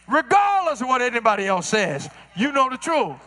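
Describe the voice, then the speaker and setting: High, bright-voiced Southern preacher. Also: male voice, very animated, moderate pace. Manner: preaching with sudden shouts and drops to quiet asides; acts out other people's words in quoted voices. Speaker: pastor. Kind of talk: sermon.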